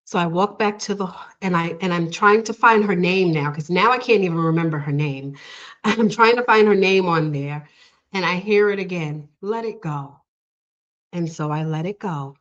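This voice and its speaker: On dull, lo-fi audio, a woman guest recounts a personal story in conversation with a lowish, slightly bright voice at normal speed. She's earnest and emotional, laughing often and using many fillers.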